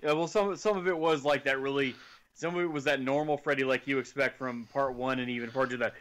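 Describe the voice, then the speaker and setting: A man co-hosting a podcast in casual chat, relaxed and agreeable. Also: medium pitch, fast talker, clear, resonant tone, poor audio. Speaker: podcast co-host.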